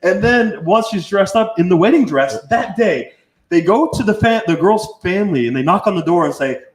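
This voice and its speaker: A man's voice: sits high, lively intonation, moderate pace. Blunt swearing man in an echoey room. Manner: swearing, blunt, acts out quotes. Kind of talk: crude casual storytelling.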